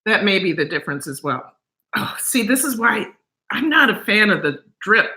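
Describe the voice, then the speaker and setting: A woman's voice: mid-range voice, very animated, normal speed, bright, forceful tone, roomy sound, poor audio. A woman talking casually to camera in her home kitchen, gushing and emotional as she eats. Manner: gushing and emotional, talks while eating. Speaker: cooking vlogger.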